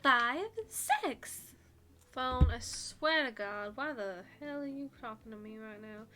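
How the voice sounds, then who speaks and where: A woman streamer reading a visual novel aloud on stream, with an animated, giggly manner and chatty asides to her audience. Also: a little high, moderate pace, noisy background.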